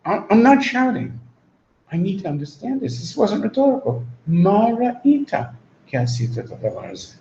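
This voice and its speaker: A man's voice: high voice, very animated, normal speed, vocal fry, mellow, voice pushed up, exaggerated voice. A man voicing an ancient male king who earnestly and emphatically begs for an explanation. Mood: pleading. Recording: roomy, dull recording, faint hum.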